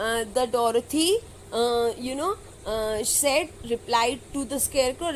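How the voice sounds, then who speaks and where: A woman's voice: a little high, normal speed, slight background noise, poor audio. A woman teacher, reading a story aloud to children and explaining it line by line with frequent "okay" and "now". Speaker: English teacher.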